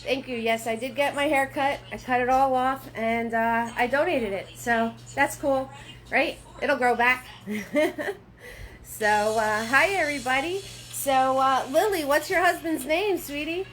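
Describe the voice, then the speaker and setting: Woman, painting instructor, live stream, chatty, laughing, sharp bright tone. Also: high voice, measured pace, a little hiss or hum. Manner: chatty, greets viewers by name; laughs often, sometimes sing-song greetings.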